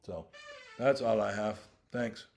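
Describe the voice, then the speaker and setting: A man's voice: lowish voice, slow pace, vocal fry, a little mellow. A man giving an earnest, rambling personal share at a recovery workshop, often restarting his sentences as he goes. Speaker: invited speaker at a recovery workshop.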